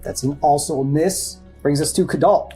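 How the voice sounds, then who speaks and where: A man running a tabletop game as dungeon master, narrating rolls and combat briskly. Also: fairly high pitch, mellow, faint music behind.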